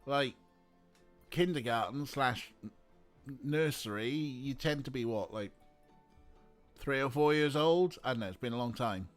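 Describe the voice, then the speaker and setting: A man's voice: medium pitch, unhurried, long pauses, soft background music. A man streaming an adventure game, making joking asides and laughing at the dialogue. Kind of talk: casual let's play commentary.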